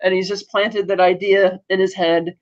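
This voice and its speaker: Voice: mid-range voice, flat delivery, moderate pace, highs cut off. A podcast co-host casually recapping a TV episode, rambling with restarts and acting out quoted lines.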